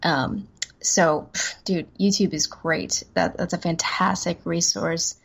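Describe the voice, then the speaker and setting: Relaxed woman guest, lower voice. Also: takes it slowly, gravelly, breathy edge. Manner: rambling, self-deprecating, laughs easily. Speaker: voice-over actress guest. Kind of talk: casual interview chat.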